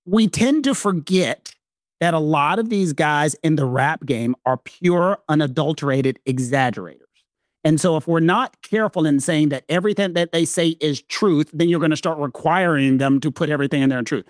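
A man from the American South with a Southern accent, co-hosting a casual legal discussion, animated and emphatic. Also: fairly high pitch, normal speed, no echo, clean studio sound. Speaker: legal commentator co-host.

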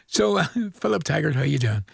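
A man's voice: on the high side, very animated, fairly quick, creaky, slightly rough, dry recording, clean studio sound. An older man with a Northern Irish accent, hosting a radio show in a chatty, folksy way, reading out listeners' greetings and chuckling often. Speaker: radio presenter. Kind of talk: casual radio shout-outs. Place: radio studio.

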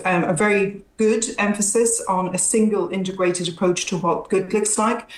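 Woman academic guest, careful analytical answers, flat delivery, echoey room. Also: medium pitch. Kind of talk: news interview.

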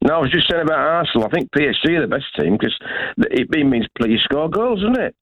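Man, radio caller, fast talker, slightly high voice, jokey. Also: expressive, fairly bright tone, rough recording. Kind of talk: phone-in chat.

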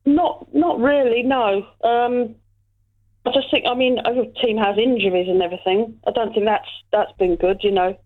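A woman calls in and talks in a halting way, full of fillers. Her voice comes through a thin, tinny phone line. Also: a little high, steady tone. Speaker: caller. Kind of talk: casual phone-in chat. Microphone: telephone.

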